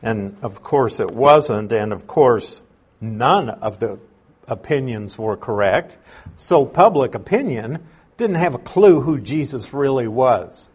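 Slow, husky-voiced male Bible teacher. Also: medium pitch, lively intonation, darkish tone, dull audio. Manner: unhurried, conversational, explains and restates points. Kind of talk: verse-by-verse Bible study teaching.

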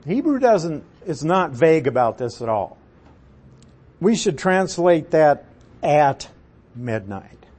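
Slow, husky man teaching from scripture. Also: mid-range voice, darkish tone. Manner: deliberate, emphatic, asks the audience questions. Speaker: Bible teacher. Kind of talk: teaching sermon.

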